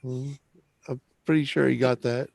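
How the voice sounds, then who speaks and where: A man's voice: medium pitch, steady tone, moderate pace, vocal fry, darkish tone. A man chiming in casually with short, laid-back remarks in a group chat. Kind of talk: casual banter.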